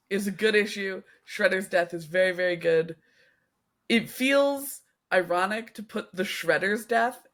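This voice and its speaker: A woman's voice: medium pitch, fairly bright tone. A woman co-hosting a podcast in casual chat, stretching out her emphasis. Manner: unhurried, drawn-out emphasis. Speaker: podcast co-host.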